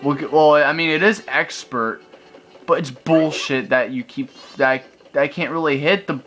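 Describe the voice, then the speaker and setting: With video game music in the background, a young man comments on his own gameplay at a normal speed. His voice is a little high and a bit bright, and he exclaims often as he rants in exasperation.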